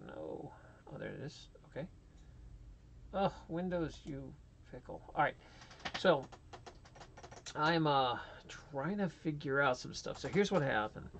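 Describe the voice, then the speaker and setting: A man's voice: medium pitch, creaky, a little hiss or hum. A man hosting a casual live stream, rambling and a little flustered as he works things out, laughing at himself often. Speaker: livestream host.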